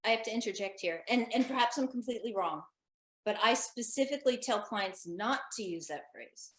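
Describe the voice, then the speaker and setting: A woman's voice: fairly high pitch, lively intonation, fairly quick. A woman veterinarian giving matter-of-fact, cautionary advice during an educational webinar, heard over a video call. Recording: roomy video-call audio.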